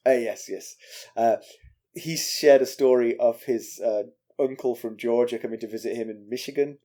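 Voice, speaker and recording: A man's voice: mid-range voice, moderate pace, dark tone. A man co-hosting a book podcast, wry and hesitant, often restarting his sentences. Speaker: podcast co-host. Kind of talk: casual podcast chat.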